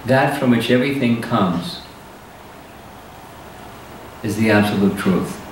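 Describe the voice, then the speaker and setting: A man with a somewhat low voice teaches scripture slowly and deliberately, pausing often between phrases. He sounds far from the microphone, in a strongly echoing hall with a faint hiss behind him. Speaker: spiritual teacher. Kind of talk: scripture lecture.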